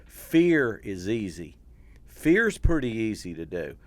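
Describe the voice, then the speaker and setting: A man's voice: fairly low pitch, sing-song, slow, no room sound. A man hosting a casual interview who teaches comedy, reflecting on his craft and explaining ideas step by step.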